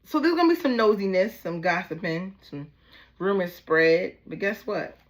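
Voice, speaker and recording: In a mid-range voice with lively intonation and a moderate pace, a woman from Baltimore, USA, gives a chatty tarot reading. She addresses viewers directly in a familiar, easygoing manner, with a Baltimore accent and plenty of "y'all" and "baby."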